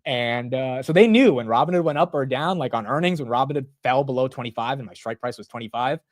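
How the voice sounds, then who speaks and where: A man in his twenties hosting a casual live market stream, rambling and excitable, often saying bro and dude. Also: medium pitch, fast talker, no room sound. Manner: rambling with frequent restarts. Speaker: stock market livestream host.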